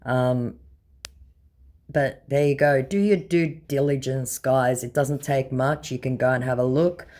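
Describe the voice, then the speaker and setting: Woman, very low voice, blunt, sarcastic, casual commentary, hesitant "um"s. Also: a little slow, darkish tone. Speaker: scambaiting channel host. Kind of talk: casual commentary reading out chat exchanges.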